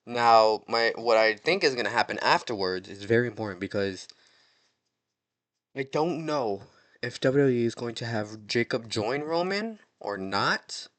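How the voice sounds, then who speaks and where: An excitable man giving casual predictions on a fan vlog. His voice is bright and forceful. He talks in slang and rambles, often restarting his sentences. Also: medium pitch, a little slow. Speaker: wrestling fan vlogger.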